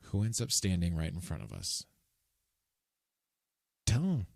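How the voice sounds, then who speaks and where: Young male podcast co-host, low pitch, dry close recording, animated storyteller. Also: a little slow, gravelly, no echo. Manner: animated storyteller, lively retelling. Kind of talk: casual chat.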